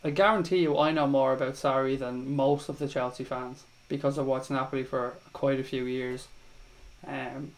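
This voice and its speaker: A man's voice: mid-range voice, poor audio. An Irish man hosting a live fan stream, chatting casually with viewers, calling them mate and swearing freely. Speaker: livestream host. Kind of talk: casual live chat reading viewer comments.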